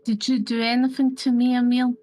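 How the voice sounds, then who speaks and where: Frantic, insistent young woman, high and shaky, played by a woman player. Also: little pitch movement, a little fast, a little mellow, natural voice. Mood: pleading. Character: distraught young woman, frightened and craving drink. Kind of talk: tabletop role-play in character.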